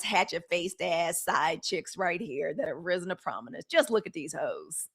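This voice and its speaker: A woman hosting a daily live news stream, talking in a sassy, animated way straight to her viewers. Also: lowish voice, normal speed, few pauses, breathy edge. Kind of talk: casual live-stream commentary.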